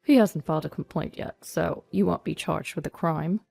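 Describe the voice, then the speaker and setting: A woman's voice: deep voice, normal speed, creaky, mellow, dry recording, soft background music, heavily acted. A woman voicing a stern, evasive male police officer who talks in a curt, official way.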